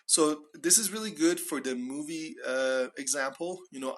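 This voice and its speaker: A man teaching English phrases in a relaxed lesson, explaining each one and acting out short example dialogues. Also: a little high, normal speed. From Iran. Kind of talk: casual spoken English lesson.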